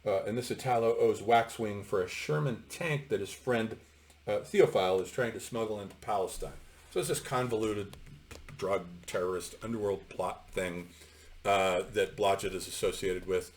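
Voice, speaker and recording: A man's voice: lowish voice, moderate pace. A middle-aged man giving an unscripted, discursive commentary on a novel, opinionated and full of fillers. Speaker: literature lecturer.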